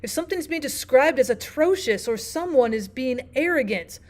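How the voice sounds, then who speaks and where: In this literature lesson, a slightly high-voiced language arts teacher keeps a moderate pace and a steady classroom tone. She makes each point clear and keeps putting questions back to the listener.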